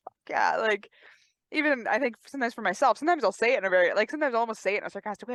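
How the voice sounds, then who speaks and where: A woman's voice: medium pitch, very fast, a bit bright, no room sound. A woman co-hosting a casual podcast chat, talking in a reflective, laid-back way and swearing freely. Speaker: podcast co-host.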